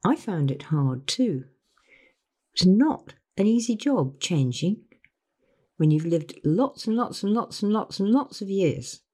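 Older woman, motivational coach, mellow tone, lively pitch. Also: breathy edge. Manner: earnest, acts out other people's voices when quoting them. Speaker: life coach. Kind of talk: motivational talk to camera.

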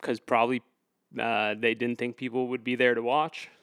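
A man's voice: mid-range voice, little pitch movement, moderate pace, fairly bright tone, smooth, no room sound. A man telling a story in an interview, rambling with lots of fillers and restarts, and getting heated and emphatic as he goes. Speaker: activist guest.

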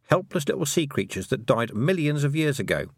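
A brisk, emphatic witch and schoolteacher, as a male reader puts her on, lecturing in a high, swooping voice that leans hard on its words. The read is close and dry, with no room around it. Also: big pitch swings, no echo. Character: brisk, sharp-tongued woman witch and teacher. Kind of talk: audiobook character voice.

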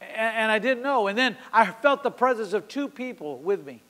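A man in his sixties preaching a sermon at a church service. He tells a story with passion, swinging from sudden loud peaks to quiet drops. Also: high-pitched, expressive, moderate pace. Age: 60s. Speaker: pastor. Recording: long hall reverb.

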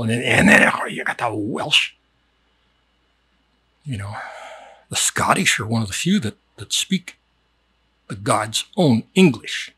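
A man's voice: medium pitch, a bit bright, breathy edge, no echo. A man giving a rambling, jokey mock-educational monologue and laughing at his own jokes. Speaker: comedic video host.

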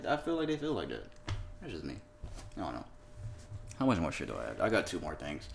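A young man co-hosting a casual podcast, his low voice rising and falling in lively swings. He swears freely, laughs easily and drifts between banter and reading news headlines aloud. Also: quick pace, vocal fry, a little hiss or hum. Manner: loose and profane, laughs, reads headlines aloud. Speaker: podcast co-host. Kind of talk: casual chat.

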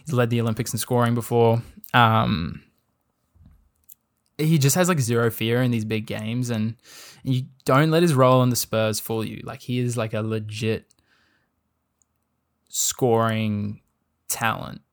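A man's voice: medium pitch, steady tone, measured pace, long pauses. Chatty Australian man rambling about sport. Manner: rambling, filler-heavy with frequent "like" and "um". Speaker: podcast host. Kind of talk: casual sports chat.

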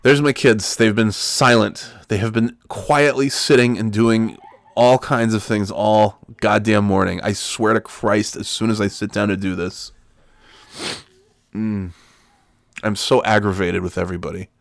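A man's voice: on the low side, steady tone, unhurried, gravelly, no room sound. A middle-aged man hosting a podcast from home, ranting in an exasperated, profane way. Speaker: podcast host. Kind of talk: solo podcast rant. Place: home room.

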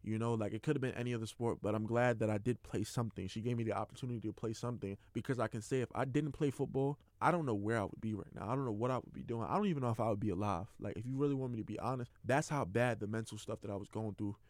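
A man's voice: lowish voice, a little mellow, no room sound. A young man, a college football player, hosting his own podcast and speaking candidly and earnestly about his life, with lots of casual fillers. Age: young adult. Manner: earnest, heartfelt, rapid and loose with many fillers. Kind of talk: candid personal monologue.

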